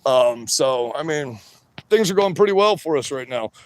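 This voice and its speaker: A man livestreaming from his work shed on a phone, talking loud, rambling and profane, wired on energy drinks, so that he always sounds like he is yelling. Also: on the high side, lively intonation, normal speed, dry recording. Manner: loud, rambling and profane, with many "you know"s. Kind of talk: livestream rant.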